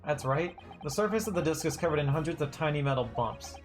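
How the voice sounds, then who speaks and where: A streamer voicing a young defense lawyer from a text game, earnest and steady. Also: medium pitch, quick pace, faint music behind, close to an everyday voice. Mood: firm.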